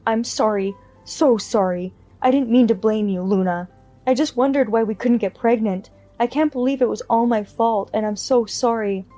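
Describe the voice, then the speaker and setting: A woman's voice: a little high, normal speed, dark tone, soft background music, lightly acted. Woman voicing a pleading ex-husband. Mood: apologetic. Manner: pleading and shaken. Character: remorseful grown man, a cheating ex-husband.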